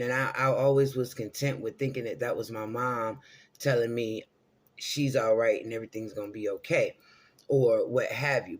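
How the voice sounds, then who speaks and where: A middle-aged man telling a personal story to camera in a casual, rambling way, often checking in with his listeners. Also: medium pitch. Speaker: vlogger.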